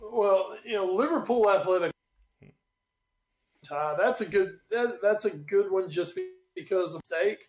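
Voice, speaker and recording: A man with a high voice co-hosts a casual sports chat. He talks in an animated, rambling way and swears freely. His voice carries a roomy echo. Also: a little slow. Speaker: podcast co-host.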